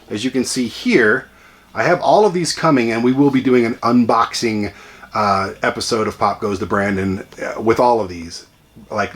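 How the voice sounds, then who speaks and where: A man hosting a casual home vlog, chatty and excitable with rambling asides. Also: mid-range voice. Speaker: channel host ranking toy collection. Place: home room with a TV.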